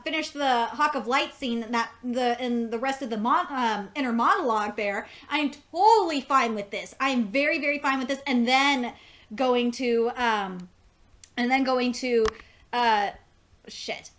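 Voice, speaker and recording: A woman's voice: a little high, measured pace, a bit bright. A young woman reviewing an anime episode in casual chat, gushing and swearing a lot, often restarting her sentences.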